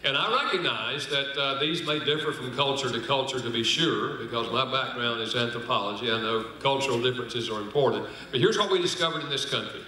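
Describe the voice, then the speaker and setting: A man gives a folksy church seminar talk with dry humor, drawing out the words he wants to land. His voice is strikingly bright and forward. The sound bounces around a large, very echoey hall. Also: mid-range voice. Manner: folksy, humorous, slows down to stress points. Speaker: speaker on marriage and apology.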